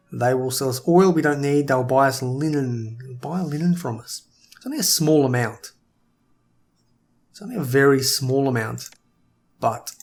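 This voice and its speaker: A man giving casual gameplay commentary, thinking aloud and sometimes tripping over his words. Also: mid-range voice. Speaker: let's play gamer.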